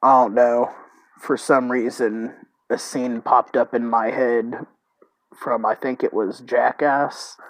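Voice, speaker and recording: A man streaming a text role-playing game, reading it aloud haltingly and thinking out loud about his choices. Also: medium pitch, little pitch movement, dry recording, low-quality recording.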